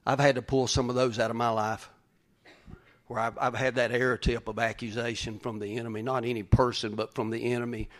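A man preaching a folksy sermon as pastor, swinging from loud calls to hushed whispers. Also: mid-range voice, level tone, fairly quick.

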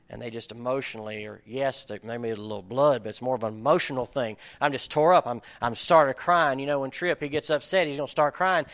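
A man leads a casual sermon in an earnest, conversational voice with a gravelly, slightly fried texture. His pitch sits in an ordinary middle range. He talks plainly to his listeners and now and then builds to emphatic peaks. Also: fairly bright tone. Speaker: pastor or Bible study leader. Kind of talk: informal sermon.

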